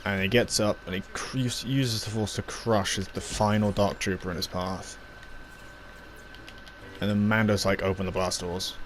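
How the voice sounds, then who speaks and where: A man's voice: on the low side, fairly even intonation, moderate pace, slight background noise. A man giving a casual, rambling spoken review, recapping scenes with lots of fillers and little acted-out quotes.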